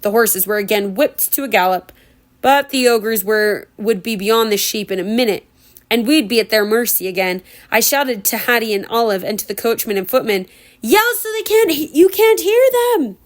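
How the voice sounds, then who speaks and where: A woman's voice: mid-range voice, moderate pace. A woman reading a novel aloud at home as a homemade audiobook, breaking into giggly, chatty asides. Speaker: reader.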